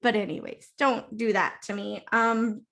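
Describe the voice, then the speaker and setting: A woman co-hosting a casual movie review podcast, laughing often and acting out characters in quick funny voices. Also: a little high, steady tone, vocal fry, a bit bright. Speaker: podcast co-host.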